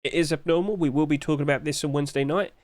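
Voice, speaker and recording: Guy chatting through sales numbers on his channel, kinda high voice, dry close sound. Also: fairly even intonation, very fast, no room sound. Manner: chatty, thinking aloud with filler. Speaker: game market analyst. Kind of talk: screen-share commentary.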